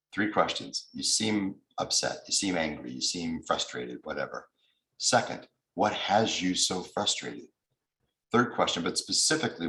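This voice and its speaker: A man's voice: low voice, a bit bright, roomy sound, low-quality recording. An American man giving a recorded lecture as a mediation trainer, explaining with examples and acting out angry voices he quotes.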